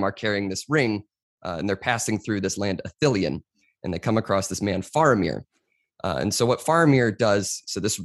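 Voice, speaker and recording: Low-voiced man explaining at length. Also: no room sound, studio quality. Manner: explains at length, often says "you know". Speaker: podcast guest. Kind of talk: casual interview conversation.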